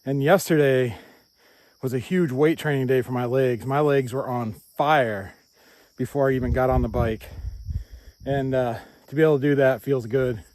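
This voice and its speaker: A man's voice: medium pitch, steady tone, moderate pace, darkish tone, no echo. Upbeat man vlogging outdoors. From New Hampshire, USA. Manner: upbeat, repetitive, laughs often. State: out of breath while walking uphill. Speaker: hiking vlogger. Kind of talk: casual outdoor vlog. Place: outdoors on hilly rural roads and hilltops. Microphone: handheld phone camera.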